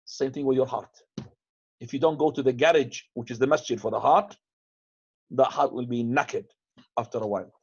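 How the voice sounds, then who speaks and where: Husky-voiced man teaching, lo-fi sound. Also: medium pitch, moderate pace, long pauses. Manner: casual and conversational, mixes in Arabic phrases, frequent restarts. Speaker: teacher answering questions. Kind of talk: lecture with questions. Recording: dull, lo-fi upload.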